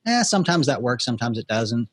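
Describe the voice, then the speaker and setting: Here is a middle-aged man talking through business stories in an interview, with a voice that sits at an ordinary middle pitch. He tells the stories with energy and slips into quoted voices as he goes. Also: quick pace. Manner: animated storyteller who acts out quoted voices. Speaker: storytelling expert guest. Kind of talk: conversational interview.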